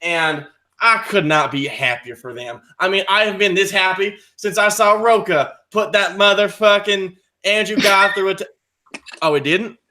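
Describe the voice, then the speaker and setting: Man putting on a cocky, loud trivia-league bro, swaggering, bright-toned. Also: high-pitched, normal speed, pitched above the performer's own voice. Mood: brash. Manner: swaggering, loud, cheerful trash talk. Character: brash cocky male trivia-wrestling dude persona.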